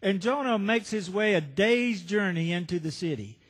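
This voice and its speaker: High-voiced preacher in a reverberant church. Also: male voice, lively intonation, normal speed. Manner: storytelling, rhetorical questions to the congregation. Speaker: pastor. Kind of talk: sermon. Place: church sanctuary.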